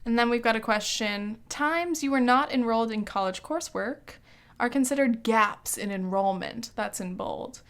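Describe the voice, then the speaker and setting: A woman's voice: fairly high pitch, moderate pace. A woman in her early twenties hosts a podcast in a casual, snarky monologue, swearing freely and saying "like" a lot. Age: early 20s. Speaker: podcast host.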